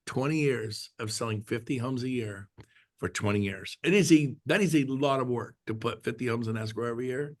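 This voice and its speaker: A man's voice: mid-range voice, brisk. Middle-aged man, chatty, jokey storyteller, casual team call. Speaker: guest speaker at a real estate team meeting. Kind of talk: casual talk on a video call.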